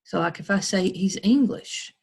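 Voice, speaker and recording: A woman's voice: medium pitch, moderate pace, vocal fry, a little mellow, husky. An American woman teacher patiently walking children through a recorded screen tutorial, step by step.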